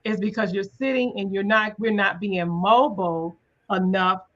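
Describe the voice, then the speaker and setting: A woman's voice: medium pitch, fairly even intonation, normal speed, highs cut off. A woman hosting a conversational interview, speaking in an earnest, thoughtful way with touches of faith. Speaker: podcast host.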